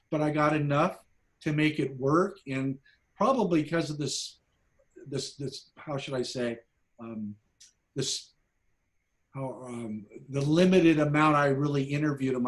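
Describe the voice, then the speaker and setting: A man, a documentary filmmaker, casually telling behind-the-scenes stories to a class, animated and full of restarts. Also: medium pitch. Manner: animated anecdotes, acts out quoted voices, frequent restarts. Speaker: documentary filmmaker, guest speaker.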